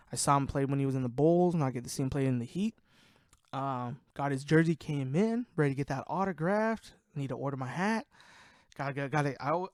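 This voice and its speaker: A man's voice: medium pitch, dry recording, clean studio sound. A man hosting a casual sports podcast, ranting in a heated, profane way, worked up and sweating. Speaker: podcast host.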